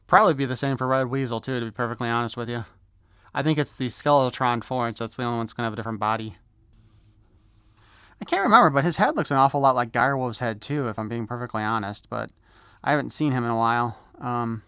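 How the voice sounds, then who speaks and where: A man's voice: medium pitch, fairly bright tone, clean tone, no room sound, studio quality. A man doing a casual unboxing review of an action figure, rambling and correcting himself as he goes. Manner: rambling, self-correcting, easily sidetracked. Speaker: toy reviewer.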